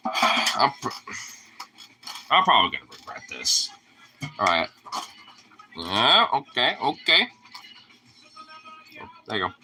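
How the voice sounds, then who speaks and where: A man's voice: mid-range voice, very animated, slow, pauses often, sharp tone, slight background noise. A young man casually filming his dog and teasing it in playful baby talk.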